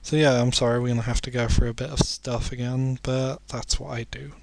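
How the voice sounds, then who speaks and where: A man's voice: medium pitch, little pitch movement, fairly quick, creaky, a little mellow, dry recording. A sleepy man commentating a video game, rambling and making self-deprecating jokes between muttered asides. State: sleepy, yawning. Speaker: let's play commentator.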